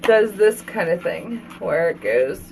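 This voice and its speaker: Slow-talking chatty woman reviewing beauty products. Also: fairly low pitch, very animated, a little mellow, a little hiss or hum. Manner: chatty, rambling, gushing. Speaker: beauty vlogger and mother. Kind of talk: casual live product review. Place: at home, children heard downstairs.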